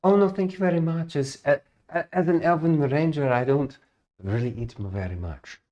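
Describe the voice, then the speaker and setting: A man voicing a sweet, reserved female elven ranger, speaking in a put-on accent with courteous, halting phrasing. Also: a little high, warm tone, muffled recording, pitched above the performer's own voice, natural voice. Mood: polite. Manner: courteous, halting speech with many restarts.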